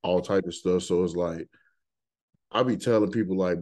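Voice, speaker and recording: Deep-voiced laid-back man host. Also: normal speed, long pauses, a little mellow. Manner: laid-back, rambling storyteller with many fillers. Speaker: podcast host. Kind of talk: casual interview chat.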